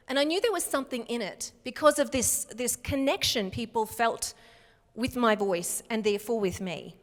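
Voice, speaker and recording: Australian woman, keynote speaker, animated storyteller, fairly high voice, long conference hall reverb. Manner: animated, acts out quoted voices.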